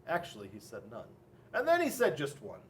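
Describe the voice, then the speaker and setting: A man's voice: medium pitch, brisk, distant mic, slight background noise. A man, a police officer, reading a children's picture book aloud in a playful, exaggerated way. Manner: playful, animated, exaggerated storyteller. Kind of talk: children's storybook read-aloud.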